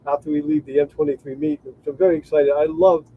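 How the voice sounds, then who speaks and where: Over tinny, phone-like audio with slight background noise, a man co-hosting a travel livestream talks quickly in a fairly high, fairly even voice. His casual chat wanders, and he keeps restarting sentences while thanking viewers.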